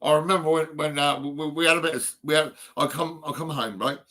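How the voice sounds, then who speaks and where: A man's voice: fairly high pitch, fairly even intonation, quick pace, bright, forceful tone. A man, rambling through a personal phone vlog full of ums and restarts. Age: 50s. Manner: rambling, full of ums and restarts, laughing at his own stories. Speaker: vlogger.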